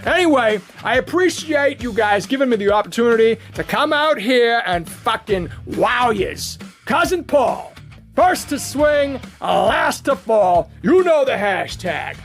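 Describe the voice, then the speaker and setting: A man cutting a trash-talk wrestling promo, profane and mocking, breaking into shouts. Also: very high voice, big pitch swings, a little slow, gravelly, faint music behind.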